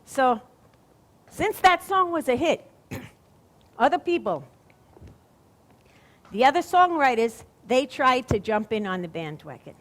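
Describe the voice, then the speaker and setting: A woman's voice: high-pitched, sing-song, unhurried, pauses often, a bit bright, full character voice. An actress playing a chatty, wisecracking stage comedienne with a Brooklyn accent, in a one-woman stage monologue. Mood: confiding. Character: Fanny Brice, wisecracking female stage comedienne. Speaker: stage performer. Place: theater stage.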